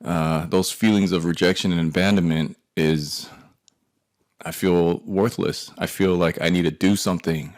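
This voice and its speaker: A man's voice: low-pitched, steady tone, moderate pace, darkish tone. A man in his forties telling a profane personal story in a rambling monologue, with muttered asides. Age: 40s. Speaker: artist telling a life story.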